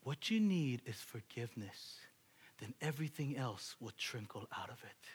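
A man preaching a sermon to his congregation, animated, asking rhetorical questions and building up to loud, excited peaks. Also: mid-range voice, normal speed, husky. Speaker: pastor.

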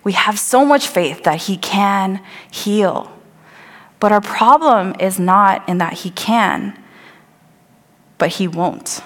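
Speaking slowly with medium pitch and lively intonation, a woman gives a sermon with scripture reading in a church sanctuary. She paints the story vividly, draws listeners into the scene, and at times voices what the crowd says, her words ringing with long hall reverb.

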